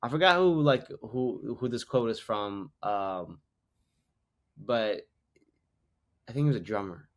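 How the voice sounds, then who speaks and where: A Canadian comedian in his twenties, guesting on a podcast, tells rambling anecdotes packed with "like." His medium-pitched voice moves slowly, with long pauses, in a casual storytelling style.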